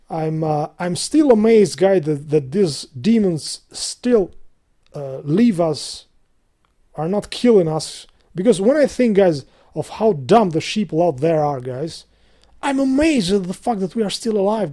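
A man ranting casually to his viewers in a vlog, cursing a lot, laughing often, and swinging between loud outbursts and low muttering. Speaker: video blogger. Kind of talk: casual rambling vlog rant.

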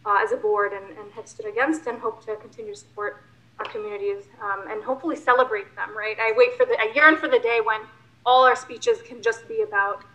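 A woman board member speaks off the cuff, hesitant, filling pauses and restarting her sentences. Her voice is bright and forward, set a little high for a woman. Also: steady tone, low-quality recording. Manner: hesitant, with many fillers and restarts. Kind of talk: unscripted remarks at a public meeting.

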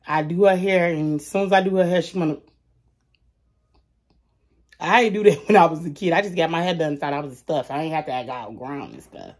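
A woman's voice: low-pitched, a little fast, a little mellow. A woman in her thirties vlogging in casual chat, talking straight to her viewers in a chatty, colloquial way.

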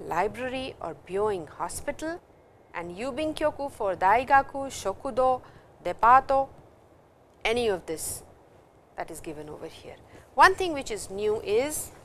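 A woman's voice: fairly high pitch, animated, unhurried, long pauses, a bit bright, a little hiss or hum. A woman with an Indian English accent teaching a recorded Japanese language lecture, reading example sentences and explaining them in English.

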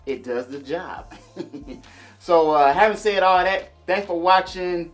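A man casually demonstrating and reviewing a small audio mixer for his viewers, chatty and relaxed. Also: high voice, slow, faint music behind. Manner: laid-back, chatty, addresses viewers as y'all and man. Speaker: gear reviewer. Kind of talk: casual product demo vlog.

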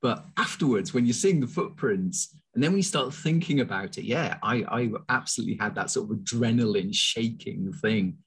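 A man's voice: mid-range voice, normal speed, hardly any pauses, a bit bright, a little hiss or hum. A man being interviewed as a guest, telling a story with quoted dialogue over a video call. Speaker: guest naturalist and tour leader.

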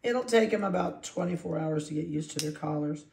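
A chatty dog breeder talks easily while handling puppies and slips into cooing baby talk. The voice sits at a mid pitch. The recording has a roomy echo, as if made in an indoor kennel room. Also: a little fast, vocal fry, a little mellow, a little hiss or hum.

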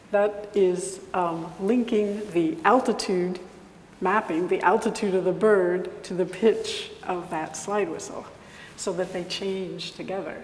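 Woman explaining stuff calmly at a talk, big echoey room, little bit of noise. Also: mid-range voice. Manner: calm, explanatory, some hesitations. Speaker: composer presenter. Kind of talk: live talk to an audience. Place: lecture hall. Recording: echoey hall with faint noise.

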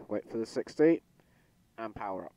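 A man's voice: on the low side, lively intonation, a little slow, a little mellow. A young man giving casual commentary while playing a train game, often exasperated and grumbling, stammering when annoyed. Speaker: gaming channel host.

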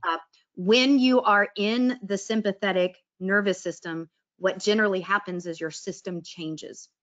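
A woman's voice: mid-range voice, fairly even intonation, measured pace, muffled recording. Chatty woman teaching mindfulness. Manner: chatty, acts out quoted inner voices. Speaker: wellness presenter. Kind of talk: casual presentation on mindfulness.

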